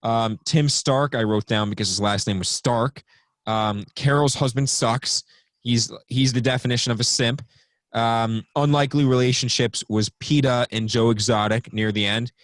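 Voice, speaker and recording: A man's voice: medium pitch, fairly even intonation, normal speed, no echo. Casual young guy reading off his notes, lots of ums, pretty dry mic. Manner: rambling, reads from notes with many ums. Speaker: podcast co-host. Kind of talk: casual podcast chat.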